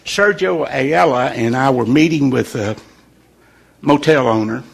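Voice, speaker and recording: A man leading an informal morning devotional in a folksy, conversational way, pausing on purpose for emphasis. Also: mid-range voice, gravelly, slightly rough. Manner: folksy and conversational, with deliberate pauses. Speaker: devotional leader.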